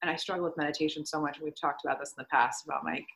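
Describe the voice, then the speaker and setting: A woman's voice: low-pitched, steady tone, rapid-fire, creaky, a bit bright, a little hiss or hum. A young woman, a podcast guest, candidly telling her story in casual speech full of "like" fillers and the odd swear word. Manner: chatty, swears freely, many "like" fillers.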